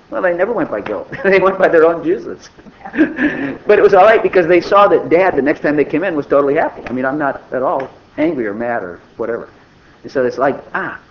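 An older man giving an informal, conversational sermon, acting out little dialogues as he goes. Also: medium pitch. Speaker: preacher. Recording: dull lo-fi recording with faint noise.

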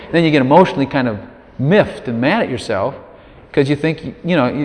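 A man's voice: mid-range voice, fairly quick, a little mellow. Guy giving a laid-back folksy sermon, chatty, lots of little asides, big echoey hall. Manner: conversational, folksy, many "you know" asides; acts out quoted prayers in a raised voice. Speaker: preacher. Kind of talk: informal sermon teaching. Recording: long hall reverb.

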